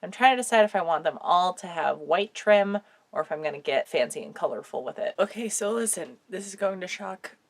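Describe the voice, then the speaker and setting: A woman with a somewhat low voice chats her way through a sewing project at home. She has a cold and a sore throat, and her talk is casual and wry, with easy swearing. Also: animated, fairly quick. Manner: chatty, swears casually, dry jokes. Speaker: sewing vlogger. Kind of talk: casual craft vlog chat.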